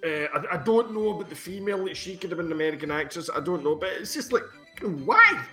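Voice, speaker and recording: A man chatting casually about films on a podcast, sweary and quick to laugh. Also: on the high side, soft background music. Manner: sweary, laughing, animated film chat. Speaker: podcast co-host. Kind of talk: casual chat.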